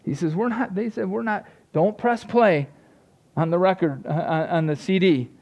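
A man's voice: high-pitched, moderate pace, a little mellow, dull audio. A man preaching a sermon with earnest energy, often restarting his sentences and asking "right?" to his listeners. He is a father of young children, in his thirties or forties. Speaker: pastor.

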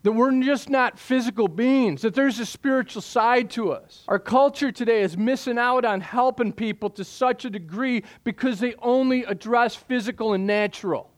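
Male pastor, middle-aged, high voice, emphatic sermon delivery with repeated punchlines. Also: moderate pace, hardly any pauses. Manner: emphatic, repeats key phrases, drops low for stress.

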